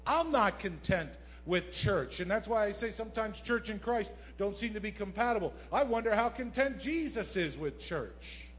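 Animated high-voiced male preacher. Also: normal speed, few pauses. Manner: animated preaching with asides to the congregation. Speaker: pastor. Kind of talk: sermon. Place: church sanctuary.

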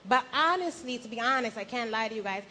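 A young woman giving an animated personal faith testimony at a church gathering, acting out her own past words and laughing at herself. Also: fairly high pitch, fast talker, a little hiss or hum.

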